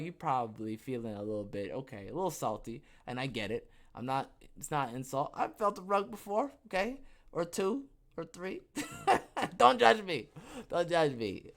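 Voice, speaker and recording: A man hosts his own podcast alone, reading a news story aloud in a loose, rambling way. He keeps breaking off into jokes and "okay?" asides, and his voice jumps suddenly in pitch and loudness. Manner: jokey and rambling, with frequent "okay?" asides and self-interruptions. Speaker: podcast host.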